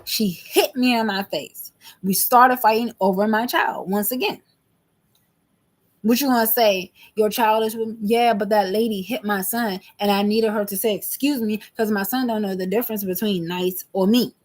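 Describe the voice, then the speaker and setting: A woman's voice: medium pitch, steady tone, moderate pace. A woman in her thirties venting to camera in an emphatic, repetitive, agitated monologue. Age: 30s. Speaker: vlogger.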